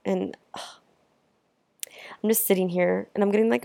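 A young woman vlogging about her travels, telling stories casually and warmly with lots of filler words. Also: medium pitch, big pitch swings, a little fast, creaky, pauses often, dry recording. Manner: chatty, heartfelt, lots of "like" fillers. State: tearful at times. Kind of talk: casual storytelling to camera.

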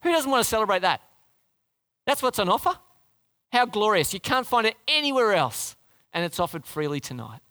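Animated, bright-voiced male preacher. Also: high voice, fairly quick, long pauses, no room sound, clean studio sound. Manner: emphatic, with rhetorical questions to the congregation. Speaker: pastor. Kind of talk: sermon.

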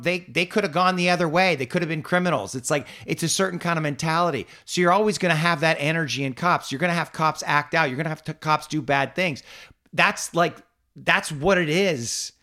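A man vents in a heated podcast conversation, with a bright, forceful tone and a voice pitched a little high. He swears at nearly every turn and circles back over his own phrases. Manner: angry, swears constantly, repeats himself. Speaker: podcast host.

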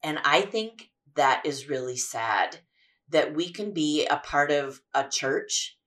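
A woman's voice: deep voice, animated, slow, fairly bright tone. A woman hosting a devotional podcast, teaching about salvation in an earnest, reflective way with frequent restarts. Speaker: podcast host.

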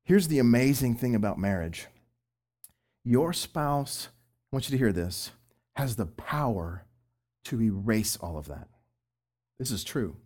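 A middle-aged man and former youth pastor, talking about Christian marriage. His pitch leaps up and down with lively swings. He moves between loud, pressing emphasis and quiet asides. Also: a little slow, long pauses. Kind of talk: Christian marriage advice talk.

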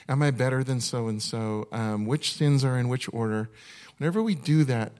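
A man preaching a sermon at a mid-range pitch, earnest and conversational. He often restarts his sentences as he talks, and he slows right down to read a list one item at a time. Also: darkish tone. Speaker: pastor.

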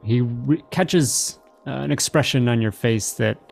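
A man narrating as game master in a relaxed, hesitant way with many fillers. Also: medium pitch, measured pace, vocal fry, faint music behind.

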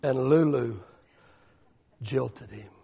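A man in his fifties preaching a sermon to a church, swinging between loud declarations and hushed whispers. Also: medium pitch, very slow, creaky, breathy edge. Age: 50s. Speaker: pastor.

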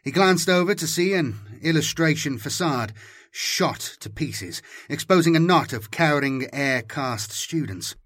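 A man's voice: fairly high pitch, slightly rough, no room sound. A man doing dramatic scripted audiobook narration on a close mic. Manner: dramatic, animated storytelling.

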